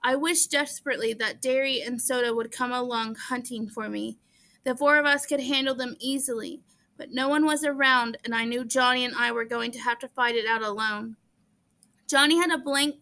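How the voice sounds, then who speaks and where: A woman's voice: high voice, bright, forceful tone. A woman reading a novel aloud in first person, earnest, with small stumbles now and then. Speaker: audiobook reader.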